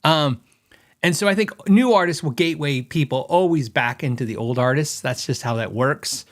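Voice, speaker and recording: A middle-aged man with a slightly raised pitch hosts a casual podcast. He talks in an opinionated, rambling way, thinking aloud and reaching for fillers as he goes. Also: normal speed. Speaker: podcast host.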